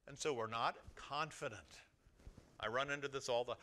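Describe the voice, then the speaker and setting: A man preaching a sermon to his congregation as their pastor, swinging from quiet asides to loud exhortation. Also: medium pitch, normal speed, slight background noise. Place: church sanctuary before a congregation.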